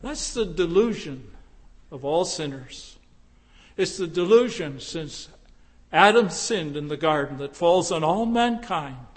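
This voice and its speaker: A man preaching a sermon, slow and deliberate, with emphatic rises into impassioned pleading. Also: on the high side, lively intonation. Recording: long reverb of a large hall.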